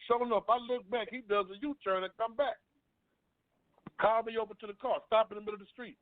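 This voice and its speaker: A man's voice: sits high, fairly quick, dry recording. A man on a talk panel, earnestly telling a long personal story and often repeating himself. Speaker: panel guest. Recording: dry phone-line sound.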